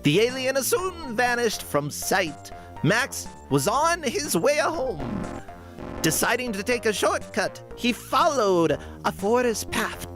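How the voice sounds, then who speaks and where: A man's voice: extremely high pitch, sing-song, takes it slowly, music in the background, voice pushed up, heavily acted, poor audio. A man putting on a mock generic European accent to read a game walkthrough as a dramatic sci-fi story. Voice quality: hammy, theatrical. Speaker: commentator reading a game walkthrough.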